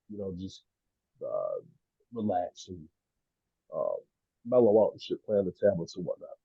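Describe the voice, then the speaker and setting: A man's voice: lowish voice, husky, no room sound, muffled recording. A man telling a story in a rambling, laughing way on a casual podcast, swearing freely. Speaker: podcast guest, rapper. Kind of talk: casual chat.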